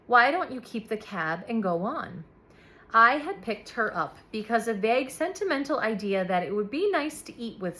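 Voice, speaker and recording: Woman audiobook reader, lively pitch, measured expressive narration. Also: poor audio.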